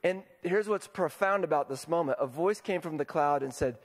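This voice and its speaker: This pastor's voice is on the high side, and he speaks at normal speed with few pauses. His sermon is casual, and he keeps asking the congregation questions. It was recorded in a large hall.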